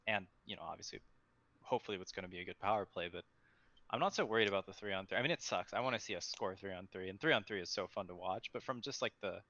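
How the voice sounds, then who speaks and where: A man's voice: fairly low pitch, a bit bright, no room sound. A man on a podcast panel giving opinions in casual sports chat, emphatic and sure of himself. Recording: dry, dull lo-fi recording.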